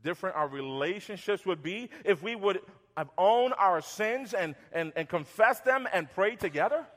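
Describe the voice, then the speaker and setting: High-voiced preacher man in a reverberant hall. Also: lively intonation, normal speed. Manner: conversational, repeats words, drops soft for acted apologies. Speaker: pastor. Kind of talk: sermon.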